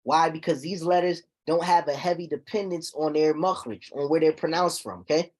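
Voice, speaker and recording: A man teaching a recitation class, explaining terms slowly and checking on his students with repeated "okay?". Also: a little high. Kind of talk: classroom lesson.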